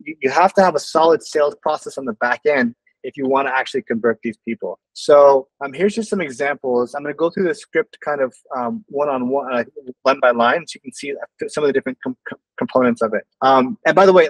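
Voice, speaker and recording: A man's voice: mid-range voice, dry recording, rough recording. A man who owns a marketing agency, teaching a sales-call script in a casual, conversational way. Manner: loose, conversational, acts out phone calls in quotes. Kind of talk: casual screen-share lesson.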